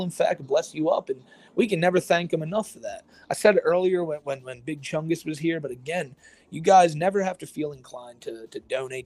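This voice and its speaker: Casual male co-host, slightly higher voice, dry close mic, rambling and profane. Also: a little mellow, no room sound. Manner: laid-back, rambling, swears a lot. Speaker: podcast co-host. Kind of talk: casual livestream banter.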